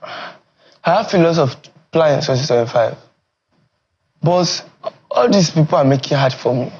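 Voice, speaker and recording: A young man with a Nigerian Pidgin English accent talks in a fairly high voice that often jumps up and gets loud. The animated, casual talk sounds a little dull and muffled, like TV studio audio. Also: measured pace, breathy edge. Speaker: streamer and content creator.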